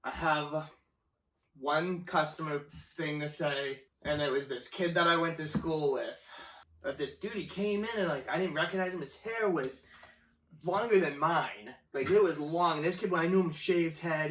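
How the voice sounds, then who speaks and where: A man's voice: a little high, measured pace. A young man telling work stories in casual chat, swearing often and laughing as he goes. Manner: profane, animated storytelling with laughter. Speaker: storyteller guest. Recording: echoey room, mic at a distance.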